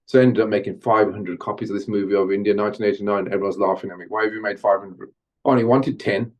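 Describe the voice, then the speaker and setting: Animated middle-aged storytelling man, low voice. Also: fast. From Birmingham, England. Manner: animated storyteller, slips into Jamaican-style patois when chanting. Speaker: musician guest. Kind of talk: storytelling interview.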